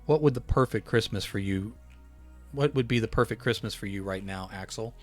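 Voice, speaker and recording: A man voicing a practical, kindly male Christmas elf in a storybook, calm and level-headed. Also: lowish voice, a little fast, faint music behind, natural voice. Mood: gentle.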